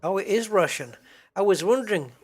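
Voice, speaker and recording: While streaming a game, a middle-aged man chats casually with viewers, rambling and chuckling along the way. His voice sits high and sounds animated and a little fast, with a slight hiss or hum in the recording.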